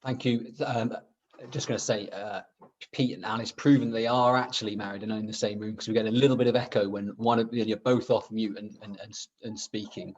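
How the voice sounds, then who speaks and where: Moderator, halting delivery, mid pitch, muffled call sound. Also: steady tone, a little mellow, slight background noise. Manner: halting, filler-heavy. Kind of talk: online panel moderation. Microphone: video call.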